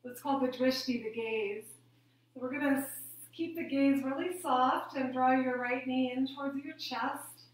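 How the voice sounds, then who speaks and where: Soothing female yoga instructor, unhurried guidance, slightly high voice, heavy room echo. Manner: calm, gentle, soothing guidance. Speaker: yoga teacher. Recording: very echoey room.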